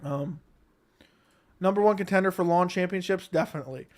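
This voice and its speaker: A young man from Baltimore hosting a live stream, answering chat questions in a relaxed, rambling way. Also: high-pitched, brisk. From Baltimore, Maryland. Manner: relaxed, rambling, thinks aloud with many ums. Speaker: livestream host reading chat.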